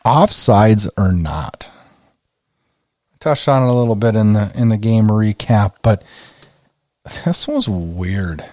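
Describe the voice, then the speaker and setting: Podcast host, male, warm mellow tone, dry close sound, chatty and excitable recap delivery. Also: on the low side, slow, long pauses, no room sound. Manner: excitable, conversational, retells his own reactions. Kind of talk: casual game recap commentary.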